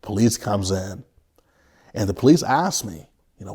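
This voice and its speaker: Earnest low-voiced man recounting his past. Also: lively intonation, mellow, breathy edge. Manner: earnest, halting, with frequent restarts; vivid retelling. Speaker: interview guest. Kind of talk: personal life story in an interview.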